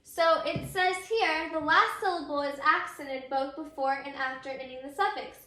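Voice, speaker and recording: Woman teacher, high bright voice, patient and repetitive, echoey room. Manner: patient, repeats and models words slowly. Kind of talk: grammar lesson.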